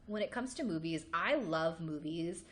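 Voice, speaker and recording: Animated gushing woman from Los Angeles. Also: fairly low pitch, normal speed. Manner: gushing, animated, swears casually. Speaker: podcast co-host. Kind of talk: casual pop-culture chat.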